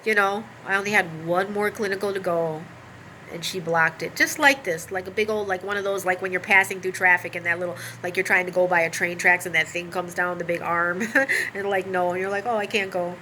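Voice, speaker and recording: A woman's voice: fairly low pitch, fairly even intonation, brisk, pushed and bright, a little hiss or hum, low-quality recording. A woman telling a personal story in an emotional, rambling way, full of asides and fillers.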